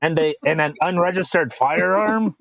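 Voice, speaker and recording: A man's voice: sits high, normal speed, vocal fry, a bit bright, dry recording. A man putting on a mock street gun seller voice to tease, close and dry. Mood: teasing. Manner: mock accent, teasing.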